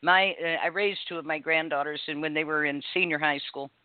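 A woman's voice: low-pitched, steady tone, a little fast, dry recording. An older woman, a grandmother, telling a story in an indignant, emphatic way during casual phone talk. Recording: tinny dry phone line.

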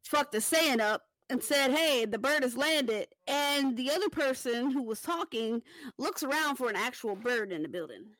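A woman with a fairly high voice tells casual stories on a podcast, animated and profane, laughing often. Her voice sits close and dry on the mic. She talks like she is chatting with friends. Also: moderate pace, no echo. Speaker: podcast host. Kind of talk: casual storytelling chat.

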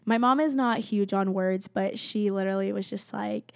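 A young woman tells her faith story in a casual, earnest way, and her voice has a gravelly, fry-tinged edge. She fills her sentences with "like" and sounds heartfelt, sometimes close to tears. The sound is dry and close, with no room echo. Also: medium pitch, moderate pace, a little mellow. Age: young adult. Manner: earnest and heartfelt, with constant "like" fillers; emotional, close to tears at times. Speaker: college student sharing a faith testimony. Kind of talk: casual spoken testimony.

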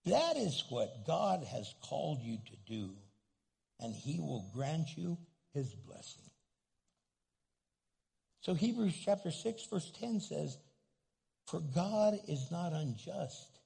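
A male pastor preaching a sermon with a husky voice, animated and playful, acting out grumpy people in comic asides. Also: fairly high pitch. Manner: animated, acts out angry churchgoers in comic asides.

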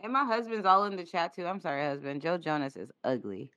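A woman co-hosting a casual podcast chat, animated and playful, often laughing. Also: fairly low pitch, fast talker, lo-fi sound. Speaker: podcast co-host.

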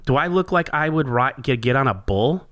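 A podcast host with a mid-range voice talks fairly quickly, telling a story in casual chat. He's animated, swears a lot, and laughs at his own tale.

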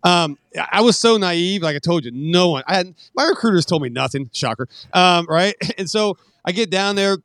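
A man's voice: sits high, expressive, normal speed, few pauses, fairly bright tone, no echo, studio quality. A middle-aged man telling stories in a casual interview, laid-back and profane, acting out what other people said. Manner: profane, laid-back storyteller, acts out quoted voices. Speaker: podcast guest.

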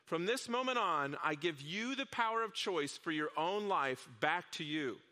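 A man voicing a desperate male traveler on a bridge, shouting in frustration while telling a fable in a sermon. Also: a little high, animated, a little slow. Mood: firm. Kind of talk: storytelling in a sermon.

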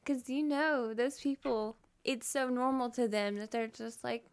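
Female co-host, smooth, slightly high voice, chatty and agreeable. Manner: chatty, quick to agree and jump in. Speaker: podcast co-host. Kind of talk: casual podcast chat.

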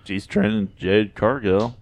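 A man's voice: lowish voice, unhurried, noisy background. A man co-hosting a podcast in casual chat, often restarting his sentences. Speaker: podcast co-host.

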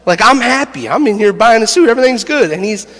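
A man preaching a sermon, an animated storyteller who laughs through his stories and builds to shouted preaching. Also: extremely high pitch, fast, big-room sound. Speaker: pastor. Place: church sanctuary.

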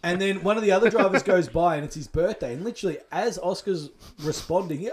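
A man with a fairly high voice, telling an anecdote with animated energy. He swears casually and acts out the bits he is describing, in relaxed banter. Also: quick pace. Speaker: podcast co-host.

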